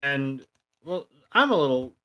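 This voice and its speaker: A man's voice: mid-range voice, big pitch swings, measured pace, fairly bright tone. Rambling male co-host retelling a plot. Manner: rambling retelling full of ums and uhs. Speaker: podcast co-host. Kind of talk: casual plot recap.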